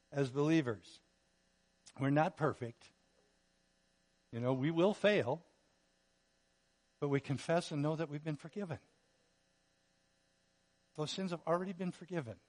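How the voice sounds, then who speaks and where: Earnest man preaching, fairly high voice. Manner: earnest preaching with repetition and shifts from loud to quiet. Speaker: pastor. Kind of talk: sermon.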